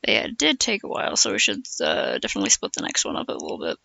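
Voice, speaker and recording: Streamer, casual chat, very gravelly, animated pitch, dry close sound, rambling. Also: racing, no room sound. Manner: chatty, laughs often, rambling asides.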